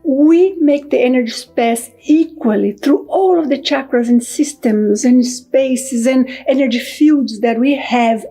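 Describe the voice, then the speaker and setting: A woman who authored a book, calmly and methodically explaining an energy technique step by step, like a teacher. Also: sits high, a little slow, hardly any pauses, slightly rough, faint music behind.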